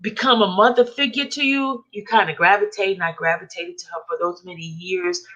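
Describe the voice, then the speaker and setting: Tearful woman streamer, halting and repetitive, muffled low-fi sound. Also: fairly even intonation, fairly bright tone. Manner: tearful, halting, repeats herself. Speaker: vlogger hosting a live stream. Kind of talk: emotional live-stream talk to viewers.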